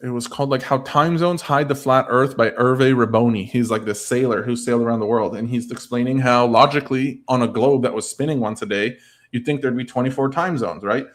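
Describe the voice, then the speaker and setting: A man chatting loosely on a livestream in an everyday mid-pitched voice. His talk wanders and is padded with "like" and "I don't know". Now and then he answers comments from his viewers. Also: a little fast. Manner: rambling, full of "like" and "I don't know". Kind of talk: casual livestream chat.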